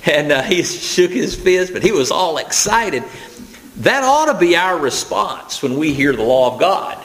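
A man's voice: fairly high pitch, very animated, a little slow, a bit bright, poor audio. A man preaching a sermon, his voice rising to emphatic preaching at key points, with fillers and restarts.

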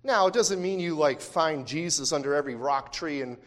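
A man's voice: a little high, moderate pace. A man preaching an expository sermon as pastor, in a conversational way with frequent fillers and restarts. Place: church sanctuary. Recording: long hall reverb.

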